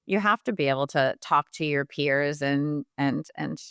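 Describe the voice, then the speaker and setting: A woman's voice: low voice, moderate pace, fairly bright tone, clear, resonant tone, no room sound, studio quality. A woman who works as a dental hygienist, a guest on a podcast, speaking frankly and emphatically. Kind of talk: casual podcast chat.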